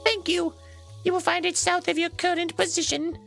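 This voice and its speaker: A man voicing a polite female guide, reading game dialogue aloud in a high falsetto. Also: little pitch movement, moderate pace, creaky, fairly bright tone, soft background music, heavily acted. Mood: earnest.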